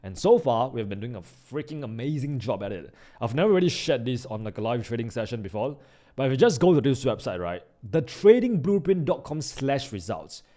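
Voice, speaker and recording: A man talks through a live trading session in a loose, slang-heavy way. He bursts into loud excitement, then drops to quiet mutters, in a voice of middling pitch. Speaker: trading YouTuber.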